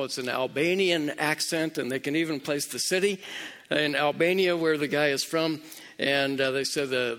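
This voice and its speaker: A man with a medium-pitched, fairly bright voice casually retells the plot of a film. He talks conversationally and addresses his listeners directly.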